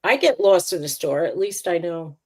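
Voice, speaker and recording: A woman's voice: on the low side, lively intonation, moderate pace. Chatty woman co-host, easy laughter. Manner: chatty, laughs easily, rambling anecdotes. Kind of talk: casual chat.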